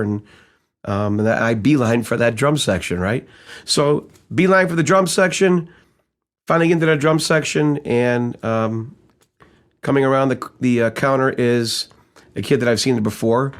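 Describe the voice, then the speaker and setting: Animated man telling a sales story. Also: medium pitch. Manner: animated storyteller who acts out quoted dialogue and asks rhetorical questions. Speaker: sales trainer. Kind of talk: conversational sales-training audiobook storytelling.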